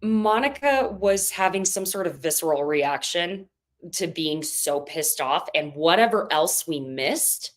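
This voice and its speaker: A woman's voice: on the low side, measured pace. Chatty woman recapping. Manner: chatty, animated, quotes others in put-on voices. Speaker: podcast co-host. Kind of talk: casual recap chat.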